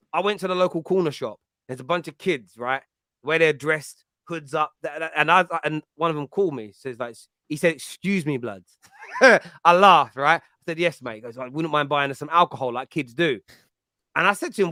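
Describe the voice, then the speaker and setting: A man's voice: a little high, dry recording. Chatty East London man, dry close sound. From East London, England. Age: adult with a school-age child. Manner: animated, chatty, laughs often, frequent restarts. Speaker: fan podcast host. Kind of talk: casual chat, answering live chat comments.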